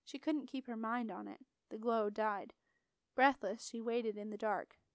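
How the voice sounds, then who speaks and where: Woman reading a fantasy book out loud, highish smooth voice, super dry close mic. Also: fairly even intonation, measured pace, dry recording. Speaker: audiobook narrator. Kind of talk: storybook narration.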